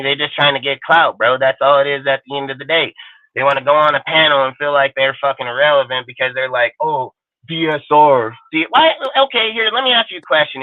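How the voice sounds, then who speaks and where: A man's voice: a little high, no echo. A male sports talk host on a panel show, ranting with aggressive, boastful and profane insults. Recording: dry tinny phone-like sound.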